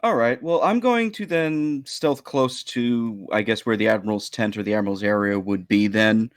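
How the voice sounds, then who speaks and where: A man's voice: on the low side, moderate pace, no echo, clean studio sound. A man playing in a tabletop game, chatting casually, hesitant and self-deprecating. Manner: self-deprecating, hesitant, laughs at his own slips. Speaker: player.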